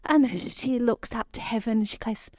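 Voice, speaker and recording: A woman, preaching a sermon and telling stories with animated quoted voices. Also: a little high, normal speed, dry recording, clean studio sound.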